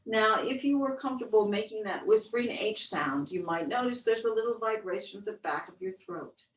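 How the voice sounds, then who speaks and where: Woman, yoga instructor, gentle counted breathing cues, roomy distant webcast sound. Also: medium pitch, lively intonation, fairly quick. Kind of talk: guided breathing class.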